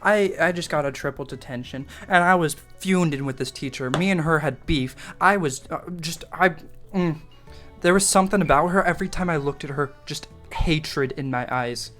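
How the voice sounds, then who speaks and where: A man's voice: on the high side, normal speed, fairly bright tone, soft background music. A young man telling a story from his school days in a casual, rambling way, swearing freely, mocking himself and laughing often.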